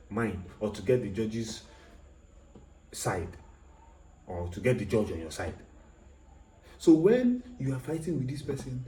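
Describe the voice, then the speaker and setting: A man's voice: medium pitch, dark tone, roomy sound, low-quality recording. A man teaching law in a recorded lecture, explaining step by step, repeating his points and asking rhetorical questions.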